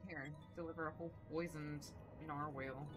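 A young adult woman chatting casually with viewers while playing a video game, animated and quick to exclaim. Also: sits low, music in the background. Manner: animated, shrieks when excited, drops soft when focused. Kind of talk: casual let's-play commentary chatting with chat.

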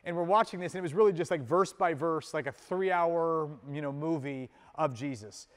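A man preaching a sermon as pastor, moving between loud emphatic peaks and soft, low asides in a conversational manner with casual fillers. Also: normal speed, clean tone. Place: church sanctuary. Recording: long hall reverb.

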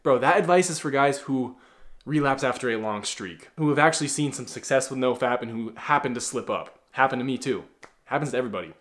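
A man's voice: medium pitch, fairly quick, a bit bright. A blunt man talks straight to the camera like a self-improvement coach. He swears freely, speaks in a mid-range voice, and keeps calling the listener bro. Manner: blunt and profane, calls the viewer "bro". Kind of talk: casual motivational talk to camera.

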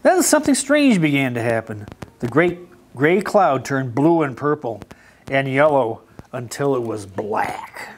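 A man reads a picture book to young children in a library, his pitch rising and falling with lively expression. He stops now and then to ask the children questions. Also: moderate pace, a little hiss or hum. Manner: animated, asks children questions. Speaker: mayor reading to children. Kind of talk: children's storytime read-aloud.

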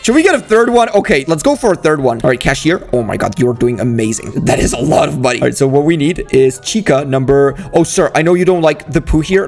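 A young man talks through a game, excitable and quick to exclaim. His voice sits a little on the high side, and he keeps cheering on the characters on screen. Faint game music plays underneath. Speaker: gaming YouTuber. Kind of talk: casual gameplay commentary.

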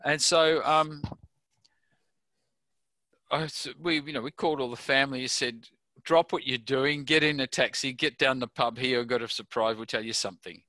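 Bright-voiced older Australian man storytelling. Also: mid-range voice, steady tone, normal speed, dry recording. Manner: chatty anecdotal, laughing at his own stories. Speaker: interview guest. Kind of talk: casual storytelling interview.

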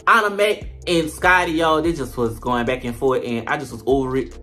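Male comedic reviewer, high-pitched, sassy and profane, faint background music. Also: a little fast. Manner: sassy, profane and animated, full of slang. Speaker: show reviewer. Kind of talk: comedic reality-TV recap.

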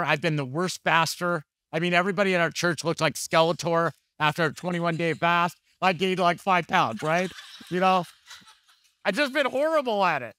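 A man's voice: on the high side, pushed and bright. A man preaching a conversational sermon, telling candid, jokey stories and acting out the dialogue. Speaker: pastor.

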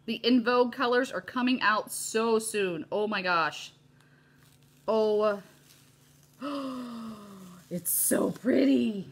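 A woman's voice: on the high side, very slow, long pauses, husky. A middle-aged woman hosting a live crafting demo, bubbly and gushing as she chats with her viewers. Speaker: host of a live crafting stream.

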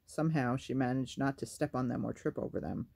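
A man reading a novel aloud as a storyteller, in a measured, even way. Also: medium pitch, vocal fry.

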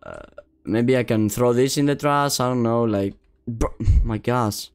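A young man giving casual, slangy commentary while playing a game, excitable and calling everyone bro. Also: mid-range voice, a little slow, clean tone. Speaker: gaming streamer.

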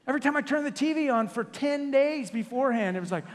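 A man preaching a sermon as senior pastor, joking and telling stories with quick self-corrections, in a church sanctuary. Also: very high-pitched, in a large hall. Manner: jokey, animated storytelling with self-corrections.

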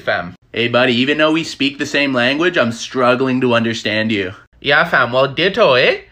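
Bright, lively man. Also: medium pitch, moderate pace, few pauses. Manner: mock-casual banter in local slang. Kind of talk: comedy sketch.

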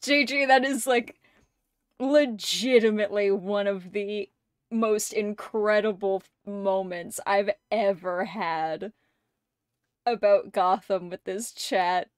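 Slow-talking excitable woman streamer. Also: mid-range voice, clear, resonant tone, no echo, clean studio sound. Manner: excitable fan gushing, swears and laughs often. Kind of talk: casual livestream chat.

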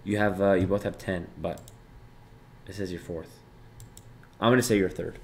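A young man hosting a live stream, reading chat aloud and thanking viewers, jumping between loud bursts of excitement and low mumbled asides. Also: normal speed, pauses often. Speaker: livestreamer.

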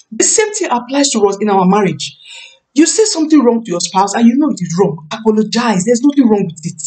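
A woman in her thirties preaching a sermon on marriage, emphatic, repeating key phrases and slowing down to stress words. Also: fairly high pitch, sing-song, dark tone. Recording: voice a bit far from the mic.

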